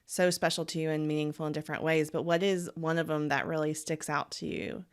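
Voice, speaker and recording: A woman hosting an interview podcast, asking questions and giving short, warm, encouraging replies. Her voice sits a little low. She sounds a bit farther from the mic than her guest. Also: flat delivery, brisk, clean tone. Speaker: podcast host. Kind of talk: casual interview talk.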